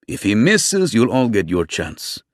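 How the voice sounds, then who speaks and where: Brief: narrator playing a bossy middle-aged police chief, raised pitch, loud, no-nonsense, dry close read. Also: male voice, wildly swooping pitch, unhurried, no room sound. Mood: commanding. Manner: bossy, authoritative.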